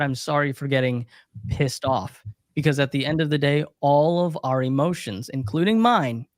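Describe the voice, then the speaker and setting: A man's voice: mid-range voice, dry recording, clean studio sound. Earnest man coaching on a livestream. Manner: earnest, reflective, emphatic repetition. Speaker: recovery coach, livestream co-host. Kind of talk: casual livestream Q&A talk.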